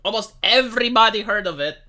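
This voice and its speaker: Male channel host, bright forceful delivery, combative opinion rant. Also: sits high, animated, quick pace. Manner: heated, emphatic, swearing, frequent "right?" and "like".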